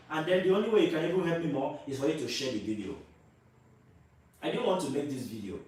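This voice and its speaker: A man's voice: a little high, animated, quick pace, a little mellow. A Nigerian man vlogging his opinions to camera, emphatic and repetitive, firing rhetorical questions at his viewers. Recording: very echoey room, voice from a distance.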